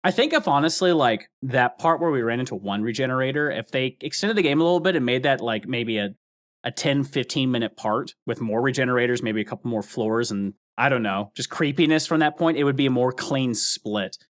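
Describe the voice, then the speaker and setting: A man's voice: mid-range voice, brisk. A man giving casual let's play commentary, rambling with fillers and frequent laughs. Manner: chatty, rambling, laughs often, many fillers.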